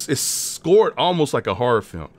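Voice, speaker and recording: A man's voice: mid-range voice, big pitch swings, moderate pace. A man co-hosting a podcast, giving a thoughtful, reflective critique of a film in casual chat. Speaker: podcast co-host. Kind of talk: casual movie review chat.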